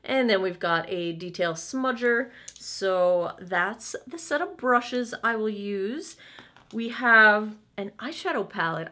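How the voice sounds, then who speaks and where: A woman's voice: medium pitch, bright, forceful tone. Casting: woman, 30s, beauty vlogger, chatty and candid, mid-range voice. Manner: chatty, candid, playful asides. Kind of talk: casual makeup try-on chat.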